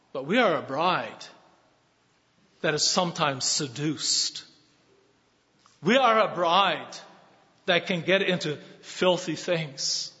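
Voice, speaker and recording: A man preaching a sermon as pastor, earnest and building to emphatic shouts. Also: high-pitched. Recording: dull sound with long hall reverb.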